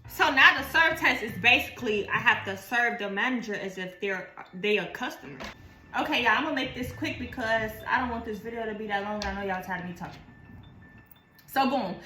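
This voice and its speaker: A young woman with a bright, fairly high voice tells a story, cursing freely and acting out the other people's lines. The room is echoey, and faint music plays underneath. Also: a little fast. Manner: animated, profane, acts out quoted dialogue. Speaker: vlogger. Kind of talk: casual storytime.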